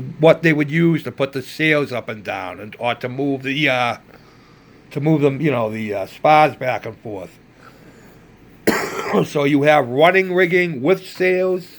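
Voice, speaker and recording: A man's voice: a little high, a bit bright. An older man telling a casual, rambling story about building model ships, with plenty of fillers. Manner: rambling, conversational, with many fillers.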